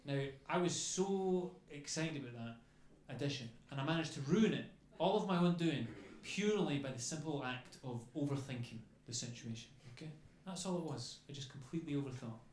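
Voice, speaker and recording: A man's voice: on the high side, animated, moderate pace, hardly any pauses, darkish tone, a little hiss or hum. A man doing a stand-up comedy routine on a club stage into a handheld mic, chatty, adding "okay?" after his lines. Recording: echoey club with faint ambience.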